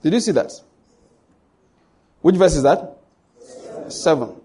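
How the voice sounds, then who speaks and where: A Nigerian man preaching in church, his voice husky and pitched a little high. He drives each point home by repeating it and speaks straight to the congregation. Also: expressive, takes it slowly, mellow. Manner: emphatic, repetitive preaching that addresses the congregation directly. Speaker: pastor. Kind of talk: sermon.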